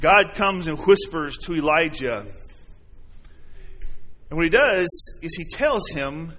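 A man's voice: a little high, lively intonation, takes it slowly, a bit bright, a little hiss or hum. A man preaching a sermon to his congregation, earnest and conversational, often asking them questions. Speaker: pastor. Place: church sanctuary. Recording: long hall reverb.

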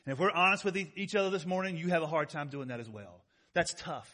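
High, bright-voiced man preaching a sermon. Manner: conversational preaching, slows down to stress key words; asks the congregation frequent rhetorical questions. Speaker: pastor.

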